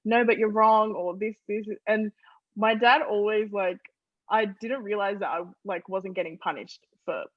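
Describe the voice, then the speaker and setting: A young woman from Australia, a guest on an interview podcast, telling family stories in an animated way and laughing often. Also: medium pitch, a little slow, no room sound, muffled recording. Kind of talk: casual storytelling interview.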